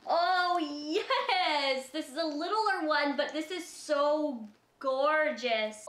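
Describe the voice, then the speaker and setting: A young woman with a high, bright voice gushes over each gift, unhurried and excitable. She is from Canada and is recording an unboxing vlog. The sound is a bit echoey, as if she is in a bare room. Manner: gushing, excitable, frequent gasps. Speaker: YouTuber opening a gift.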